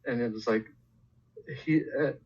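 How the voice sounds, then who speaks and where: A man's voice: mid-range voice, a little slow. A man telling his side of a story on a livestream, hesitant and full of fillers, getting worked up as he goes. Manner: hesitant, many fillers, builds up agitated. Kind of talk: casual storytelling on a stream. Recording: dull lo-fi stream clip.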